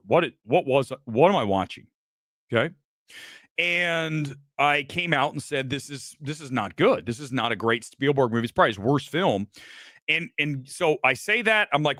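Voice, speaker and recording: A man's voice: medium pitch, fairly bright tone, dry recording, studio quality. A man hosting a live reaction stream as a film critic, ranting bluntly and boastfully, swearing often and challenging his viewers to prove him wrong.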